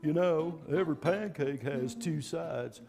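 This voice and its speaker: A drawling, homespun TV advice-show host, put on by a man, with a gravelly edge. The voice is mellow and folksy. Long reverb hangs around it, and faint music plays under it. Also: fairly high pitch, unhurried, voice pushed down.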